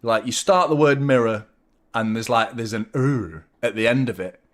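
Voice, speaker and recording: A man hosting a live football watchalong, reacting loudly as a fan, swearing, joking and talking to viewers. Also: mid-range voice, moderate pace. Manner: excitable, swearing, jokey fan banter, chatting to viewers. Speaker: watchalong host.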